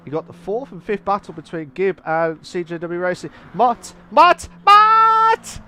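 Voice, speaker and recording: A man giving live sim racing commentary in an excitable, rambling way, often correcting himself. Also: high-pitched, fairly quick. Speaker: race commentator.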